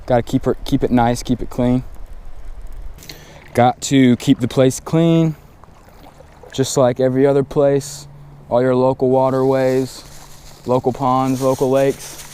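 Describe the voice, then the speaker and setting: A man, talking casually while fishing a windy pond bank, getting excited and repeating himself when a fish bites. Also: medium pitch, unhurried, pauses often. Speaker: fishing vlogger. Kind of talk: casual outdoor vlog commentary. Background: faint wind and outdoor ambience.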